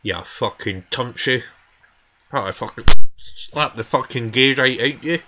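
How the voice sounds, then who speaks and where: A man's voice: medium pitch, measured pace, noisy background, natural voice. A man voicing a foul-mouthed, furious Scottish granny in her eighties, ranting and swearing nonstop in a comedy vlog. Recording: dull lo-fi home recording.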